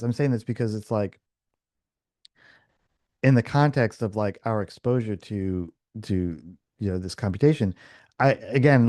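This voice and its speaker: Male podcast host, low and mellow, dry sound; rambling casual storyteller who acts out quotes. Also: no echo. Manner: rambling, full of restarts and fillers; animated, acts out quoted dialogue.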